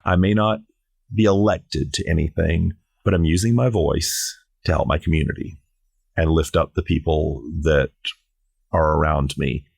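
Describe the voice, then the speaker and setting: A man's voice: a bass voice, steady tone, moderate pace, vocal fry, a little mellow, dry recording, studio quality. A middle-aged man from South Carolina, a drag performer chatting on a podcast in a playful, theatrical, jokey way. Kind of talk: casual podcast chat.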